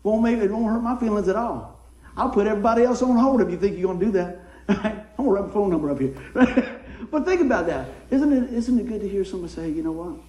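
Folksy preacher man, high voice. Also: fast talker, echoey room, highs cut off. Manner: folksy, animated, rises to excited shouts then drops soft. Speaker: pastor. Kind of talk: sermon. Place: church sanctuary.

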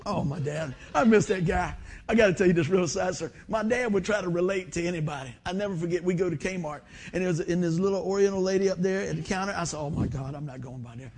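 A man's voice: high voice, fast talker, a little mellow. A man preaching a sermon in a folksy, storytelling way, often saying "man". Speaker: pastor.

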